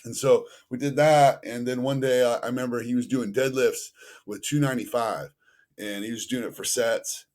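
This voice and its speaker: A man's voice: medium pitch, fairly even intonation, normal speed, a little mellow. A man telling a story as a podcast guest in a loose, rambling way, full of fillers. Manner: acts out other people's voices in his stories. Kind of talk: casual storytelling.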